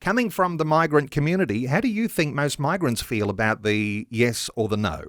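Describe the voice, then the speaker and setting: A man hosting a talkback radio show, smooth and conversational as he steers the discussion. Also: mid-range voice, lively intonation, moderate pace, fairly bright tone, no room sound, studio quality.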